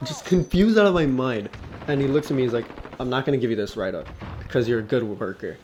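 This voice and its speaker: A man's voice: medium pitch, fast. Laughing, foul-mouthed young man telling a story. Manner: laughing, swearing, animated storytelling. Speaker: vlogger. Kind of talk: casual storytime vlog.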